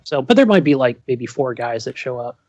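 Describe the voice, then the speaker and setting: A man's voice: mid-range voice, lively intonation, fairly quick, darkish tone, no room sound, highs cut off. A man co-hosting a podcast, rambling enthusiastically in casual chat with lots of fillers. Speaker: podcast co-host.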